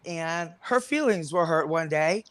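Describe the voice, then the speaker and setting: A woman's voice: low voice, expressive, measured pace, no echo. A woman on a livestream panel, delivering an angry, confrontational rant full of swearing.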